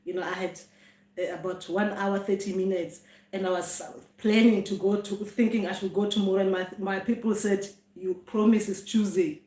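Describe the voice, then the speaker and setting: A woman's voice: mid-range voice, level tone, normal speed, dark tone, echoey room. A middle-aged South African woman, a traditional healer, chatting casually on a live stream and often exclaiming with laughter. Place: home room.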